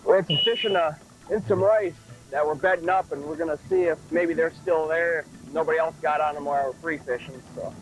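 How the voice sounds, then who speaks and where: Man, angler on a boat, rapid chatty talk, faint music. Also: a little high, low-quality recording. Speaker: tournament angler. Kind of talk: casual on-water fishing talk. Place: on a boat outdoors on a lake.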